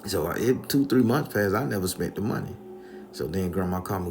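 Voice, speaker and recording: A man with a low, gravelly voice tells a spooky tale in a loose, comedic way. He curses freely and talks straight to his listeners, with a faint hiss of noise behind him. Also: expressive, a little fast, a little mellow. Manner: casual, profane, addresses listeners directly. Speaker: storyteller. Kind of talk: comedic spoken storytelling.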